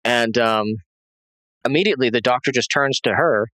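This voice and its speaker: A man's voice: mid-range voice, normal speed, bright, forceful tone, dry recording, poor audio. Male interview guest, agitated, rambling storyteller, dry close sound. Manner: rambling, many restarts and fillers; tense, agitated retelling. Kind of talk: recounting a personal story.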